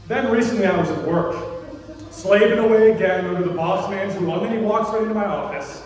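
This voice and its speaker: High-voiced comedian in an echoey hall. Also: male voice, a little fast, distant mic. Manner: deadpan one-liners with quoted voices. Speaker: stand-up comedian. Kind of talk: stand-up comedy routine. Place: billiards hall comedy stage.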